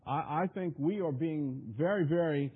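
Brief: a high-voiced, husky male preacher delivering an emphatic, repetitive sermon over a tinny radio line. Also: moderate pace. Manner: emphatic, repetitive, stumbling restarts.

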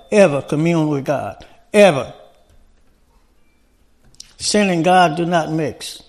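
A man with a fairly high voice preaching a sermon. He talks to the congregation conversationally and keeps checking in with rhetorical questions.

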